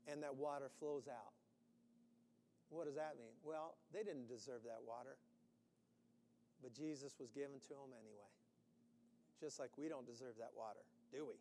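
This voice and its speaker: A man preaching a sermon, animated, acting out quotes with sudden loud bursts. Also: medium pitch, long reverb tail, slight background noise. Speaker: pastor.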